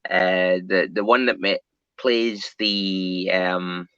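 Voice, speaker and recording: A man chatting casually as a co-host about a show, his voice bright and forceful but slightly muffled and dry. He rambles and circles back with plenty of ums and you-knows. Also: sits low, fairly even intonation, takes it slowly, clean tone, no echo. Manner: rambling, many fillers and repeats. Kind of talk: casual fan discussion.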